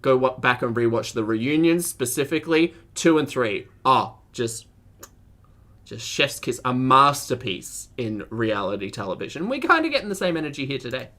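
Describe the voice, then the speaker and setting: A man's voice: mid-range voice, big pitch swings, moderate pace, sharp tone. A man doing live-stream reaction commentary, chatty, laughing often and greeting viewers in chat.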